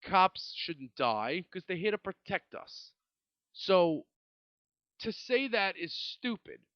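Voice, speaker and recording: A man's voice: high voice, sing-song, takes it slowly, clean tone, dry recording, muffled recording. A young man from Brooklyn, hosting a solo podcast in a rambling, swearing rant full of restarts. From Brooklyn, New York. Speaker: podcast host. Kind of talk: casual solo podcast monologue.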